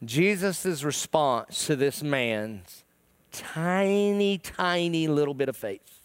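A middle-aged male pastor preaching a sermon, swinging between loud pleading and hushed, emotional tones. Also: a little high, lively intonation, slow, smooth, no echo. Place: church.

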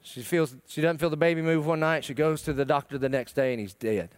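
Impassioned male pastor, crisp dry voice. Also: a little high, fairly quick, no echo. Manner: emotional, swings between loud pleading and hushed tones. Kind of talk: sermon. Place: church.

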